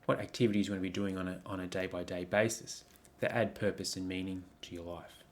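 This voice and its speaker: A man's voice: low voice, fairly even intonation, fast talker. A man giving a coaching talk over slides, reflective, posing many questions, with frequent ums and restarts. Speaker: life coach.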